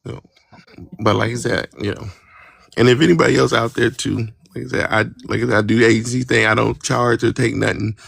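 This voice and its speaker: A man's voice: mid-range voice, fairly even intonation, brisk, creaky, a bit bright, slightly rough. A man joining a casual livestream chat, rambling and leaning on fillers and repeated phrases. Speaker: livestream guest.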